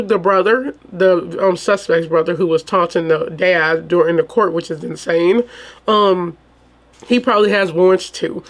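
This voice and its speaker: Woman, true crime vlogger, reads the case then rants, casual, indignant, talks to viewers as y'all. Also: on the low side. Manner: indignant, fired-up rhetorical questions. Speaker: true crime channel host. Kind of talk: true crime commentary, reading a report then reacting.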